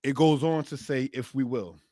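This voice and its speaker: A man's voice: mid-range voice, moderate pace, mellow, dry recording. A man teaching a scripture lesson, often calling his listeners brothers and sisters, who reads passages aloud and comments on them. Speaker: Torah teacher.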